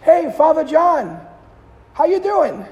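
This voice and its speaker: A man's voice: extremely high pitch, sing-song, takes it slowly, dull audio, pitched above the performer's own voice, heavily acted. A man voicing an eager young man who calls out across a parking lot, in an echoey hall. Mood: calling out. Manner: shouting across a distance.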